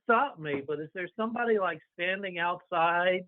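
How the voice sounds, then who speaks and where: A man playing a tabletop game, talking in a halting way as he thinks aloud. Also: high voice. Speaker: player. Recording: tinny phone-like line.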